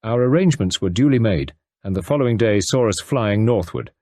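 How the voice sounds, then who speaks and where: A man giving steady audiobook narration. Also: lowish voice, a little fast, no room sound, clean studio sound.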